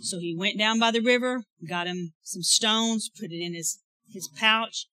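A woman pastor preaching a sermon, rising to loud exclaims and dropping to quiet asides. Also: mid-range voice, a little slow, dry recording, low-quality recording.

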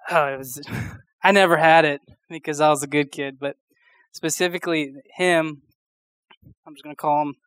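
A young man preaches in a loose, conversational sermon, rambling through a story with many fillers and false starts. His voice sits a little high, and the sound is close and dry with no room echo. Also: a bit bright. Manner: chatty, rambling, full of fillers and restarts.

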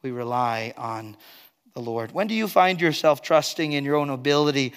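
A man preaching a sermon as pastor, earnest, swinging between loud emphatic stretches and quiet, low asides. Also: normal speed, clear, resonant tone, long reverb tail. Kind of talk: expository sermon.

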